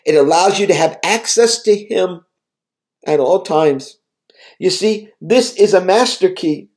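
A man voicing a gentle, welcoming male Jesus in a devotional reading, speaking warmly and encouragingly. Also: sits high, unhurried, pitched above the performer's own voice. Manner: warm and encouraging.

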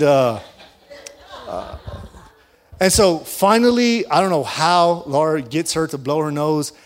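An animated man telling a story from the pulpit in a fairly high voice. He laughs often and acts out the lines of everyone in the story. His sermon delivery is lively and playful. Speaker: pastor.

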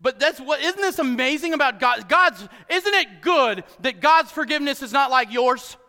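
A male pastor preaching a sermon, swinging from shouted emphasis to quiet low asides and joking with the congregation. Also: lively intonation, moderate pace, in a large hall. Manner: emphatic preaching, bursts into shouts then drops low and soft. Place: church hall with congregation.

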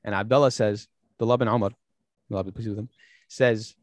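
Animated storytelling man, dry close sound. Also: on the low side, quick pace, pauses often, no echo. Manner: animated storyteller, acts out quoted speech; many fillers and restarts. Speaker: podcast host. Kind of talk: casual podcast conversation.

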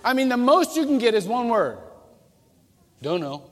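A man preaching a sermon as pastor, animated and humorous, acting out quoted voices as he goes. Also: very high-pitched, a little fast. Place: church sanctuary. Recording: reverberant church hall.

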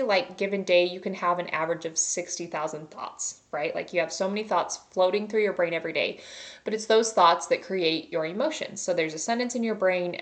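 A young adult woman hosting her own podcast as a life coach, talking in an upbeat, chatty way and often saying "like" and "you guys". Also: fairly low pitch. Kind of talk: casual podcast monologue.

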